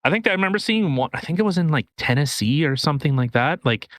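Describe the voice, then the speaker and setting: A man from Canada holds forth on a casual podcast, his voice bright and slightly high for a man. He talks in a restless, profane ramble full of restarts. The sound is dry and close. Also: lively intonation, fast talker, no room sound. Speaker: podcast co-host. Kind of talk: casual political rant.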